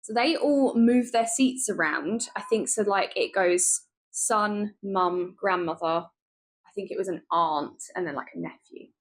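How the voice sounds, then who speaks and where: A woman vlogger retelling a travel mishap in a lively, chatty storytelling way. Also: mid-range voice, a little slow. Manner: lively, animated retelling with laughs and asides.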